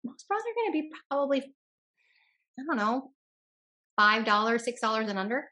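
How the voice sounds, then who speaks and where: A young woman with a bright, crisp, fairly high voice, co-hosting a relaxed chat. She talks in a lively, chatty manner. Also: a little fast. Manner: lively, chatty, laughs often. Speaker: co-host. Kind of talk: casual chat.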